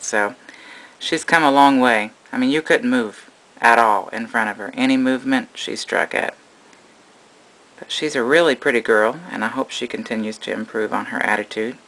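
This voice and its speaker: A man's voice: mid-range voice, normal speed, bright, forceful tone, low-quality recording. A man narrating a casual vlog about his pet reptiles, rambling and affectionate, cooing at his animals. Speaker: reptile keeper.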